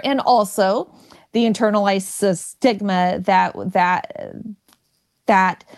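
Slow-talking woman who stutters. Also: mid-range voice. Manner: stutters often, candid and self-mocking. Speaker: comedian guest. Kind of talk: interview conversation.

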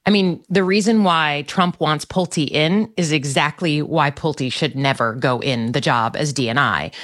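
A middle-aged woman senator answering interview questions in a measured, firm way. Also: low-pitched, fairly bright tone. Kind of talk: political interview.

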